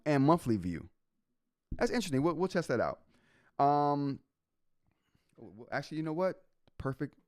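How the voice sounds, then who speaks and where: Animated man hosting a tech stream. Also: medium pitch, no echo, clean studio sound. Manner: reads update notes aloud and reacts to chat. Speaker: tech show host. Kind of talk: live-stream casual tech talk.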